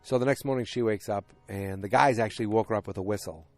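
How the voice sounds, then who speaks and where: Guy podcasting solo, low voice, rambly recap, keeps backtracking, some quiet music under it. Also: fast, no echo. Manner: rambling, self-correcting, many fillers. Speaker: podcast host. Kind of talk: casual solo episode recap.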